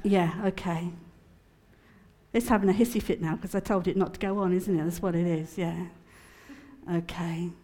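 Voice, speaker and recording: A woman speaking at a prayer conference, mixing personal testimony with teaching in a chatty, expressive way and laughing often. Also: lowish voice, normal speed.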